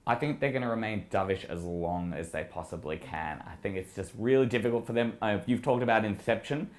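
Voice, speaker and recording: A man with an Australian accent, speaking as a guest strategist. He talks through the markets in a low voice, analytical and at times emphatic. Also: a little fast. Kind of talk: casual market discussion.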